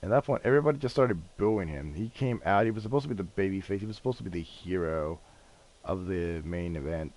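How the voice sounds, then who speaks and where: A man chatting casually on a gaming stream, telling a rambling, excitable story and swearing often. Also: low voice, quick pace.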